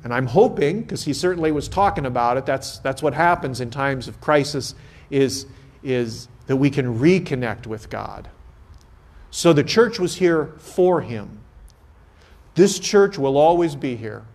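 A man's voice: mid-range voice, animated, a little slow, darkish tone. A man, a priest, giving a homily at a confirmation Mass and telling stories in an earnest, conversational way.

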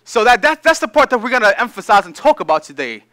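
A man preaching a sermon, reading scripture aloud and then explaining it in casual, energetic asides. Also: very high-pitched, fast talker. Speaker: pastor.

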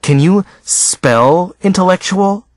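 A catty teenage girl who mocks and needles everyone around her, voiced by a man reading an audiobook. Her voice lifts high and swoops about, and the sound is dry and close. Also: animated, slow, no room sound. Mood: snide. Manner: teasing, sarcastic.

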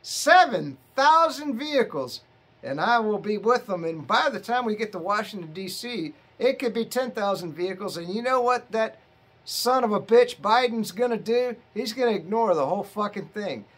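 Middle-aged man, high voice, tipsy, rambling and cursing. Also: moderate pace, a bit bright, slightly rough. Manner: profane, rambling storyteller. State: tipsy from drinking. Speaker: vlogger. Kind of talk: rambling casual monologue.

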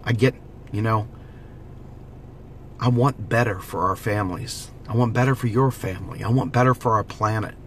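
A man's voice: fairly low pitch, normal speed, long pauses, slight background noise. A man giving an impassioned direct-to-camera monologue, preachy and urgent, repeating slogans as he rallies his viewers. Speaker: political vlogger.

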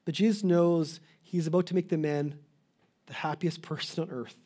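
A man's voice: on the high side, fairly even intonation, moderate pace, dark tone. A man preaching a sermon as a pastor, earnest and pleading, often restarting mid-phrase. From Canada.

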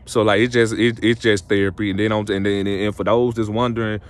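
A man's voice: fairly low pitch, flat delivery, brisk. A young man, giving casual motivational relationship advice to camera in a preachy, repetitive way that climbs to emphatic peaks. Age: young adult.

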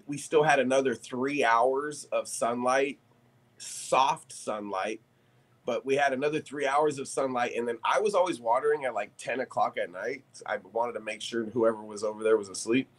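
A man, a podcast guest, telling a story in casual chat, animated and profane, laughing as he talks. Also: medium pitch, normal speed.

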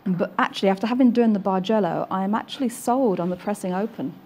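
A woman's voice: mid-range voice, fast talker, a little mellow, a little hiss or hum. A woman demonstrating quilting on a TV craft show, chatty and self-deprecating as she explains while sewing. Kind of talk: casual demonstration chat.

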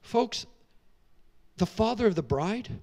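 A middle-aged man preaching from the pulpit in a high, bright voice. He tells a story in an animated and emotional way, and he drops casual, slangy asides to his listeners as he goes. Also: slow. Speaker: pastor. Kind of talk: storytelling sermon.

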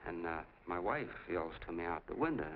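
Rambling small-town soda jerk, lower pitch, tinny sound, light hiss. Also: male voice, big pitch swings, normal speed. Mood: eager. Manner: chatty, rambling storyteller. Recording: tinny 1940s film soundtrack, faint hiss.

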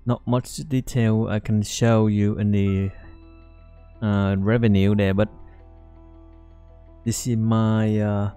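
Man, casual gameplay commentary, rambling with fillers, lowish voice, faint music behind. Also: level tone, warm tone, clean tone. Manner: halting, rambling, many fillers. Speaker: let's play host.

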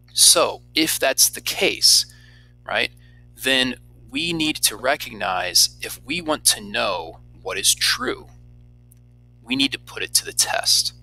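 Bright-voiced man giving a lively lecture. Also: mid-range voice, poor audio. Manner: lively, conversational, asks rhetorical questions. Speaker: teacher. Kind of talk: recorded classroom lecture.

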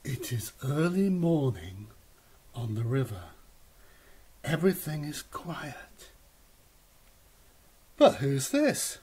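A man reading a picture book aloud to a child in a slow, animated storytelling manner. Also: mid-range voice, slightly rough. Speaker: reader.

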